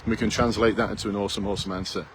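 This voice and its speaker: A man's voice: fairly low pitch, steady tone, racing, a bit bright, a little hiss or hum, rough recording. A man in his fifties, a police recruitment coach giving blunt, challenging advice full of rhetorical questions, recorded outdoors in a town. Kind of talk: direct advice to camera.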